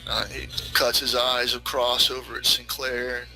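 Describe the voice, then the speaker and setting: A man's voice: mid-range voice, monotone, measured pace, vocal fry, bright, forceful tone, faint music behind, rough recording. A man, game master narrating a western tabletop game in a laid-back, vivid way.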